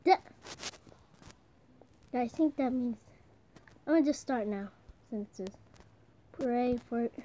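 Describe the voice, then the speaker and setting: A young woman giving casual gameplay commentary, excitable, shouting and swearing at the game. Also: on the high side, slow, long pauses, lo-fi sound. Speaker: gamer.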